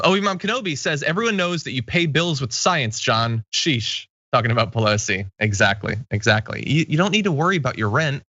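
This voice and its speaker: A man's voice: mid-range voice, pushed and bright, dry recording, highs cut off. A man hosting a casual news talk show, reading out viewer comments and laughing easily with his co-host.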